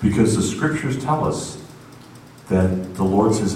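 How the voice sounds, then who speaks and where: A male preacher tells his story with a wide, lively swing of pitch, his voice otherwise middle in height. He is caught from a distance in a big hall that rings with echo, with steady noise underneath. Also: unhurried. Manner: animated, conversational storytelling. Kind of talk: storytelling sermon. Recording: echoey hall from far off, noisy.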